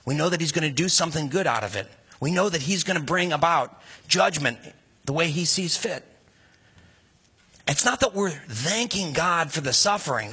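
A man delivers a sermon in a bright, slightly husky voice, talking to his listeners casually and throwing out rhetorical questions. His pitch sits a bit high for a man. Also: moderate pace. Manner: conversational, animated preaching with rhetorical questions. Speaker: pastor.

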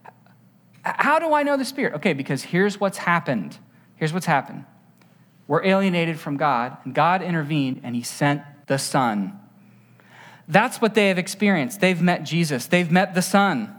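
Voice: medium pitch, lively intonation, moderate pace, a bit bright. A pastor preaching a conversational sermon, asking the listeners rhetorical questions and telling stories with voiced sound effects.

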